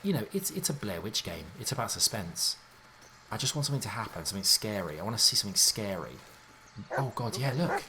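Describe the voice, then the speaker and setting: A man giving let's play commentary on a game, excitable and jumpy, thinking aloud in casual slang. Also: lowish voice, quick pace, slight background noise. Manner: casual slangy talk, says mate and dude. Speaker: gaming YouTuber.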